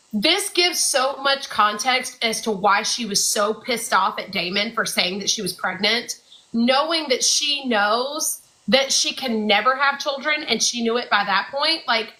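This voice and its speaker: A woman's voice: fairly high pitch, pushed and bright, poor audio. A woman co-hosting a casual fan podcast, talking in a chatty way with lots of fillers. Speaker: podcast co-host.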